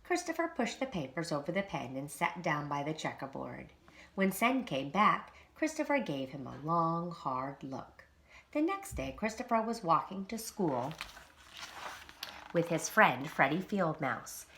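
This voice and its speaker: A woman, a preschool teacher, reading a children's storybook aloud in an expressive, animated way. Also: sits low, measured pace, a little hiss or hum.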